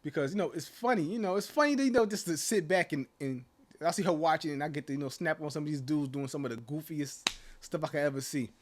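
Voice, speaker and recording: A man's voice: a little high, quick pace, slight background noise. A man talking casually to camera as a channel host, rambling with lots of "like" and "you know" and mocking rhetorical questions. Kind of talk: casual opinion rant to camera.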